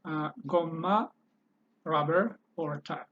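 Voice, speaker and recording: A man teaching a language lesson, repeating each word several times and pausing to think with fillers. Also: a little high, fairly bright tone. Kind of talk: slow spoken language lesson. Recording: slightly dull, lo-fi sound.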